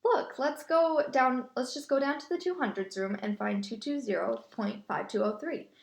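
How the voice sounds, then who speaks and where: A woman voicing a practical, steady boy teammate. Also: very high voice, normal speed, vocal fry, exaggerated voice. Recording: echoey room.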